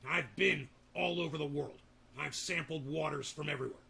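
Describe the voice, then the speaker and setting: A man doing a booming, boastful online pitchman. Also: normal speed, gravelly, sharp tone, breathy edge, heavily acted. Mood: hard-selling. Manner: booming hard-sell, boastful superlatives. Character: bombastic male online water-filter pitchman.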